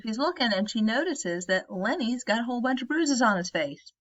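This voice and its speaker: A woman's voice: a little high, lively intonation, fairly quick, dull audio. A woman teacher retelling a story in a casual, chatty way and often asking "right?". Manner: chatty, tags statements with "right?".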